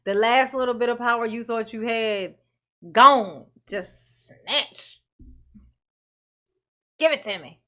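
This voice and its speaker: A woman's voice: a little high, takes it slowly, long pauses, pushed and bright. A woman commenting on court footage who mocks, swears and keeps bursting into laughter. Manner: mocking, laughing, profane. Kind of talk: reaction commentary.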